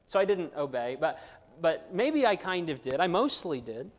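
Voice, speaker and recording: A man's voice: high-pitched, big pitch swings, moderate pace. A man preaching a sermon, earnest, briefly voicing quoted Bible figures. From United States. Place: church sanctuary. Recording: long hall reverb.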